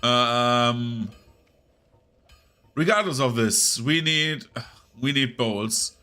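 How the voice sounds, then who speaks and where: A man streaming a game in casual, rambling chat, his voice nasal and rough from a cold. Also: mid-range voice, drawn-out words, pushed and bright. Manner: rambling and chatty, talking over gameplay. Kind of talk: casual live-stream chat while gaming.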